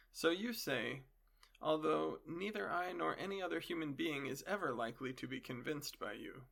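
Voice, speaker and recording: Give me a man playing an elderly philosopher on trial, probing and dryly ironic, with a gravelly voice. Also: a little high, bright, forceful tone, full character voice.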